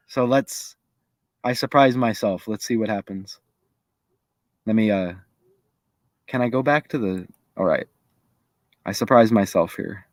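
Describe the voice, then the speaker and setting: A man's voice: a little high, no room sound. A man giving casual commentary to his viewers, chatty and thinking aloud as he goes. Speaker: video creator.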